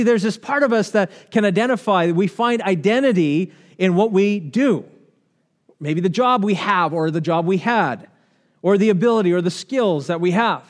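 A man preaching a conversational sermon, reading scripture and asking the congregation questions. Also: high-pitched. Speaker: pastor.

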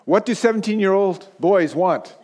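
A pastor in his fifties, originally from Pakistan, preaching a sermon in a relaxed storytelling way and often checking in with his listeners. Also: sits high, moderate pace. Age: 50s.

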